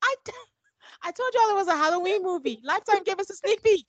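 Animated laughing woman recapping a show. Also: very high-pitched, quick pace, dry recording, muffled recording. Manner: animated storyteller, laughs often, mimics voices. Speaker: podcast co-host. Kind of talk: casual recap chat.

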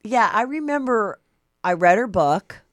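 A woman's voice: mid-range voice, lively intonation, a little slow, dry recording, clean studio sound. A woman hosting a podcast, chatting casually in a loose way with lots of "like" and "um". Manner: loose, filler-heavy talk. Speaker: podcast host. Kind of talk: casual chat.

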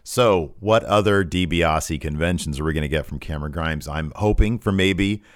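A low-pitched man talking through a recap in a casual, chatty way. His voice sits close and dry, with no room around it. He gets animated, jumping up into high voices when he quotes someone. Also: normal speed, no room sound. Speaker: podcast co-host.

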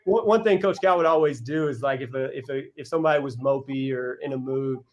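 An earnest man coaching college basketball tells heartfelt stories on a podcast. His voice sits at an ordinary middle pitch. He restarts his sentences often as he speaks from the heart. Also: fast talker, slight background noise, rough recording. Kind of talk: casual interview storytelling.

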